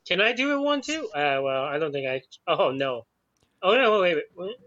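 Player, man, higher bright voice, brash and excitable. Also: fairly quick, highs cut off, slight background noise. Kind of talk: tabletop game chat.

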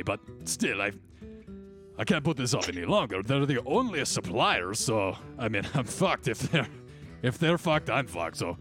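A man's voice: on the low side, natural voice. A man voicing a crude, rambling male innkeeper with a thick Scottish accent. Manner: swearing, rambling, excitable bursts.

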